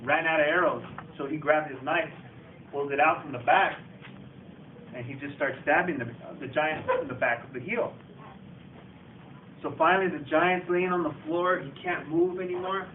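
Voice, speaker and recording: A man's voice: on the high side, fairly even intonation, normal speed. A man acting as storyteller, casually telling an oral folktale in a repetitive style and talking directly to his listeners. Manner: casual, repetitive "he goes" narration addressing listeners. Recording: distant echoey tinny recording with faint noise.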